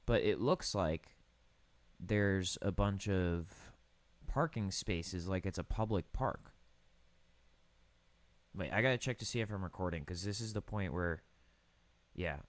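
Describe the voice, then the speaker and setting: A young man casually commentating over a building game, riffing deadpan puns on place names. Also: deep voice, a little slow, long pauses, no echo. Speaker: gaming streamer.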